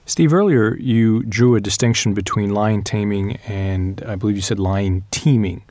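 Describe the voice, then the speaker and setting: Calm male interviewer. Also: lowish voice, dry recording. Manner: measured, reads from prepared notes. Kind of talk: interview questions.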